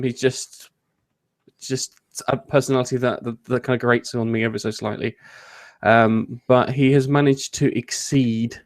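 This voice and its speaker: A man hosting a casual gaming news chat, rambling, jokey and often interrupting himself. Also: medium pitch. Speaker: host.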